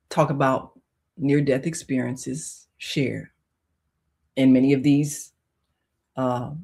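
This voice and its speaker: Brief: female radio host, deep voice, heartfelt spiritual storytelling, shifts from hushed to loud. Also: gravelly, breathy edge. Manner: emotional, swings from hushed to loud; conversational, many "you know" fillers. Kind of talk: personal storytelling on spiritual topics.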